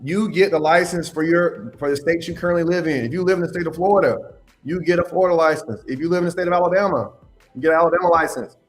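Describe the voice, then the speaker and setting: A man's voice: on the high side, fast talker, faint music behind. A man hosting a live question-and-answer stream, giving blunt, emphatic advice and scolding his viewers. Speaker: host answering live questions on insurance adjusting.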